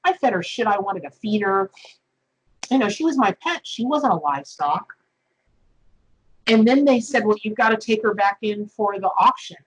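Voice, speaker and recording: Husky, tearful woman from the Deep South. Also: animated, moderate pace, pauses often, poor audio. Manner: effusive, gushing, tearful exclamations. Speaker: tarot deck creator and host. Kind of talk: casual emotional chat.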